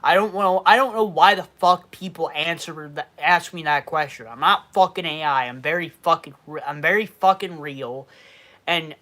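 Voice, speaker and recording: A man in his twenties from Western New York, with a Western New York accent, hosting a casual livestream Q&A and talking loudly and cursing freely. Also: on the high side, moderate pace. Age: 20s. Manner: loud, heavy casual cursing. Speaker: YouTube livestream host. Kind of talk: casual livestream Q&A, reading chat.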